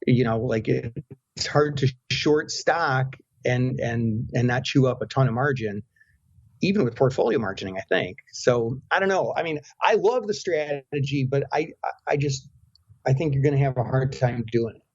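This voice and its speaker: A man's voice: mid-range voice, expressive, normal speed, slightly rough, no room sound. A man co-hosting a finance podcast, speaking frankly with many hesitations and restarts. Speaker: podcast co-host, former floor trader. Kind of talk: casual finance podcast chat. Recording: dry, dull lo-fi remote line.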